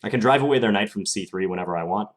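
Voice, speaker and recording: A young man streaming chess live, calmly thinking aloud through his moves in a casual, analytical way. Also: on the low side, racing.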